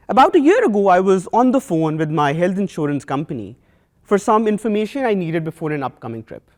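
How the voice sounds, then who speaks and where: Expressive man with a South Asian accent. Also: sits high. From Pakistan. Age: young adult. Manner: measured, earnest, with rhetorical pauses. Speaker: student speaker. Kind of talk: prepared talk to an audience.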